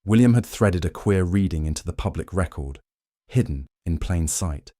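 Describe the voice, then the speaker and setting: Male narrator for a bedtime history piece: deep, mellow, dry studio read, unhurried and even. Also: no room sound. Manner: calm, measured, even storytelling. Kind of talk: scripted second-person bedtime history narration.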